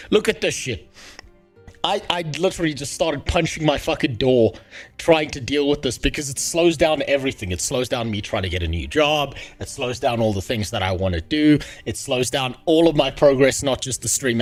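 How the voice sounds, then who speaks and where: A man livestreaming who greets his chat and rants angrily, swearing constantly. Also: mid-range voice. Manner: angry profane ranting. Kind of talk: casual live-stream chat.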